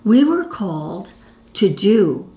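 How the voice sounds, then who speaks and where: A woman's voice: mid-range voice, very animated, slow pace, warm tone. A woman in her nineties telling her own stories to camera in a chatty, reminiscing way, calling the viewer "my dear". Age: 90s. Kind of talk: casual storytelling to camera. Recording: roomy echo.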